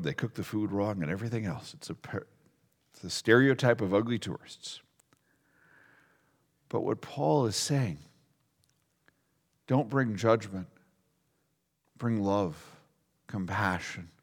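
A man preaching a sermon as a pastor, talking in a lively, conversational way and asking the congregation questions. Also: on the low side, measured pace, pauses often. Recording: long reverb of a large hall.

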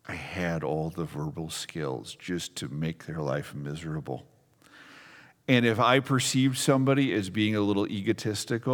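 Man preaching in a reverberant church hall. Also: low voice. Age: 40s. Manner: lively storytelling, acts out quotes, self-mocking humor. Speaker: pastor. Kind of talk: sermon. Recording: long reverb of a large hall.

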